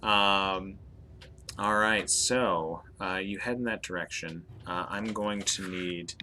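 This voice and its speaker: A man narrating as game master, hesitant with fillers and slowing down for dramatic description. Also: low voice, fairly even intonation, bright, forceful tone, slight background noise.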